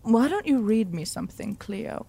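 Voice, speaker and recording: A woman's voice: on the high side, lively intonation, moderate pace, vocal fry, husky, heavily acted. A woman doing a purring, suave old professor. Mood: seductive. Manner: soft, purring and seductive. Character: suave older British male literature professor.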